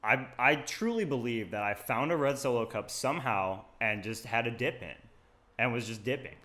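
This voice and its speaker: A man's voice: mid-range voice, animated, normal speed, sharp tone. A young man co-hosting a podcast in casual chat, laid-back, often replying with short agreements. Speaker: podcast co-host.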